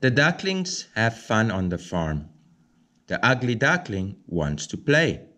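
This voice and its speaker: A man reading a children's picture book aloud, slow, clear and expressive. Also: on the low side. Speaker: storybook reader.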